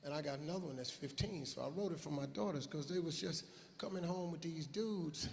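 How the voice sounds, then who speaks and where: Loud, shouting middle-aged comedian. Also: male voice, a little high, fairly quick, vocal fry. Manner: loud, profane, often shouting. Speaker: stand-up comedian. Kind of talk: stand-up comedy storytelling.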